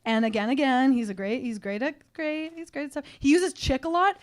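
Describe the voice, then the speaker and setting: A woman's voice: high voice, lively intonation, fairly quick. A woman co-hosting a live comedy podcast on stage, rambling and laughing through crude jokes. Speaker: podcast co-host.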